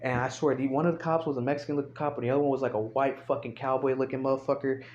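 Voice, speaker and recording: A man's voice: medium pitch, fairly even intonation, very fast, a little mellow. A young man telling a rambling, profane story in casual speech, recorded on a phone. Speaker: storyteller vlogger. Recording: dull lo-fi phone audio.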